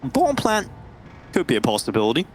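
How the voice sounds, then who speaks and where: A man calling a video game match as a play-by-play caster, energetic and jokey. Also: fairly high pitch, fairly quick. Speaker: esports caster. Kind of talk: play-by-play commentary. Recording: noisy game audio behind. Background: gunfire from the game.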